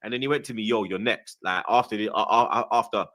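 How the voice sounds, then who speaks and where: A young man with a London accent tells an animated story, full of slang, acting out the voices of the people in it. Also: lowish voice, rapid-fire. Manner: lively, slang-heavy, acts out quoted voices. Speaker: guest.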